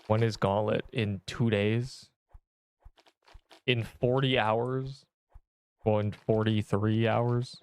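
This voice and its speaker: Slow and smooth, with frequent pauses, this man's voice runs on the low side and keeps a steady tone. He's a gaming streamer chatting casually with his viewers as he plays, rambling in exasperated banter packed with slang.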